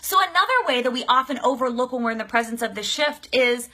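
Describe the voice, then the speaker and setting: Bright, high-voiced woman life coach. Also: fast. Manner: energetic, exclaiming, casual swearing. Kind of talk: live-streamed coaching talk. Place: live video stream.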